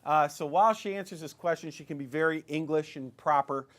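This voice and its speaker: Chatty man with a higher voice. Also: a little fast, fairly bright tone. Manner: chatty, rambling, with many fillers and restarts. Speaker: financial advice show host. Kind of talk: casual retirement-investing advice talk.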